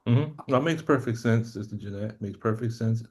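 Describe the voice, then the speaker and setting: A man's voice: mid-range voice, moderate pace, darkish tone. A man moderating a casual group discussion, affirming speakers, joking lightly and calling on the next one.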